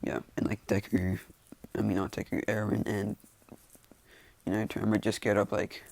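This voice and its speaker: Casual male storyteller, low gravelly voice, loose and rambling delivery. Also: flat delivery, moderate pace, a little mellow, dry recording. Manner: rambling, many fillers like "like" and "you know". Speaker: fan storyteller. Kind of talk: casual improvised fan-fiction narration. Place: indoors with rain outside.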